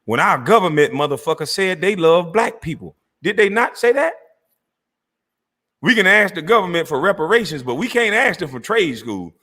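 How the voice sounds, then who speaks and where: A middle-aged man hosting his own channel, delivering an angry, profane rant to camera, mocking and confrontational, breaking into laughs and shouts. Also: high-pitched, big pitch swings, normal speed. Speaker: channel host. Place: Georgia, USA.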